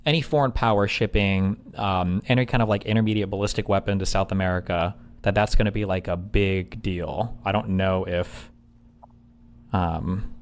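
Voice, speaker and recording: Lowish voiced guy arguing online, wants sources, reads stuff out. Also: fairly even intonation, normal speed, a little hiss or hum. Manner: skeptical, asks for sources, reads aloud. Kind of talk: online political debate.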